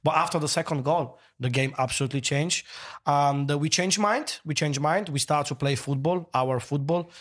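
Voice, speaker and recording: A man's voice: fairly high pitch, normal speed, a bit bright. A man co-hosting a casual football chat, joking around and talking in slightly broken English. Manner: non-native English with dropped words, jokey. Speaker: co-host.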